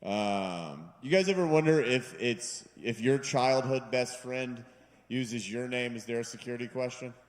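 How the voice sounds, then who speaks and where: A man's voice: medium pitch, animated, unhurried. A man doing a self-deprecating, rambling stand-up set on a bar stage, putting on voices for his jokes. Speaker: stand-up comedian. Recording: live room with long reverb.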